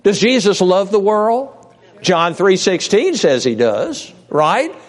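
A man preaching a sermon with passion, swinging between raised cries and low hushed storytelling, often restarting words and speaking straight to his listeners. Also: very animated, slow pace. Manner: repeats and restarts words, direct address to listeners. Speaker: pastor.

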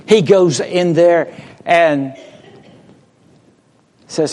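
A preacher delivering a sermon slowly and deliberately, swelling to loud emphasis and dropping to a hush. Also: male voice, a little high. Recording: long reverb of a large hall.

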